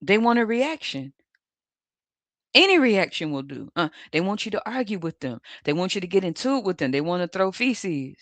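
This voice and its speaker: Mocking, animated host, cursing freely. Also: mid-range voice, moderate pace, dry recording. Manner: mocking, laughs often, coarse slang. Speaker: tarot channel host. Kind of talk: profane mocking commentary over images.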